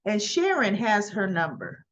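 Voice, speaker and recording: A woman's voice: mid-range voice, huge pitch swings, measured pace, lo-fi sound. A woman hosting a casual recap show, retelling the scenes in a chatty way and acting out the characters' lines as quotes. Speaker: soap opera recap host. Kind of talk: casual chat.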